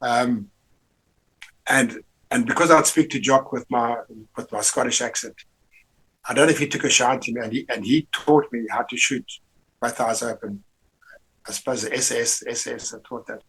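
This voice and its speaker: An older man tells army stories in a casual interview. His voice is husky and sits at an ordinary pitch. He rambles, restarts his sentences often and drops in salty slang. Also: moderate pace, pauses often, fairly bright tone, poor audio. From Rhodesia. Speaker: army veteran guest.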